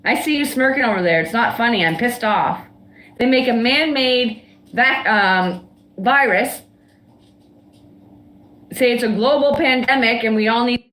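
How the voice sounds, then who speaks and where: A woman's voice: on the high side, expressive, unhurried, long pauses, fairly bright tone, reverberant. A woman in a heated, casual livestream rant, talking bluntly and defiantly with frequent swearing. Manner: blunt, swearing, defiant, laughs between outbursts. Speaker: livestream guest.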